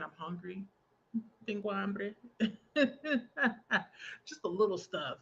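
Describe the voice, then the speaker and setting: A woman's voice: medium pitch, slight background noise. Talkative young woman, livestream host, easygoing chat between stitches, dull lo-fi mic. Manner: chatty, laughs often, reads out viewer comments. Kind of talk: casual chat while crafting.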